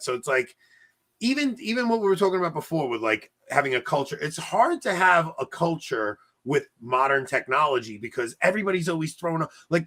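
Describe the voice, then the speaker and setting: A young man, a podcast co-host, talking loudly and animatedly in a rambling casual chat. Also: a little high. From New York area. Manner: animated, loud, rambling storyteller.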